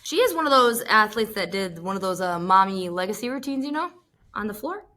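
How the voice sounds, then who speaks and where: A woman's voice: medium pitch, animated, a little fast, pushed and bright. A woman co-hosting a sports podcast in casual chat, enthusiastic and playful as she gushes. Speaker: podcast co-host.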